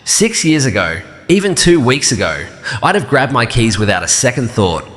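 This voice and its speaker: A man narrating a first-person story in a calm, even, measured way. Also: medium pitch, big-room sound.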